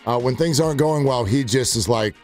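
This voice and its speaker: A man's voice: medium pitch, fairly quick, soft background music. A man hosting sports talk radio, telling stories animatedly and acting out what others said. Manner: animated storytelling with quoted asides.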